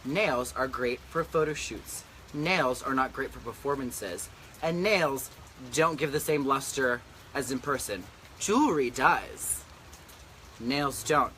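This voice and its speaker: A man's voice: medium pitch, lively intonation, takes it slowly, sharp tone, slight background noise. A man, a drag queen hosting a casual chat on a back deck, talking in a sassy, campy and profane way into a handheld camera. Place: outdoor back deck in humid rainy weather.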